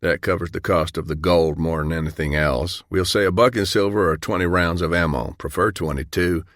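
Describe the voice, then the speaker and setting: Man putting on a deep grinning country dentist. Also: fairly quick, fairly bright tone, no room sound, clean studio sound. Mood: matter-of-fact. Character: jovial small-town man dentist, grinning.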